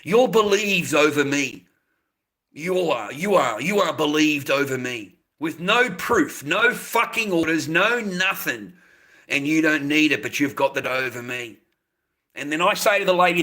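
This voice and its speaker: On a live stream, an Australian man in his fifties rants bluntly and angrily, full of swearing and repetition. His voice is on the high side and bright, with lively intonation, a slightly slow pace, and a forceful tone.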